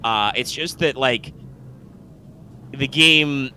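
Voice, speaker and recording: A man's voice: medium pitch, very slow, bright, forceful tone, slight background noise. A man co-hosting a live gaming stream, chatting casually and rambling with lots of fillers, restarts and swearing. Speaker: co-host.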